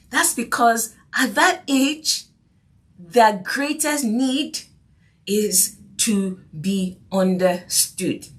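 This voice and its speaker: Very slowly and in a fairly high voice, a woman hosts a faith-based parenting podcast. She's earnest and repetitive, dwelling on key phrases and often asking "do you see what I mean?"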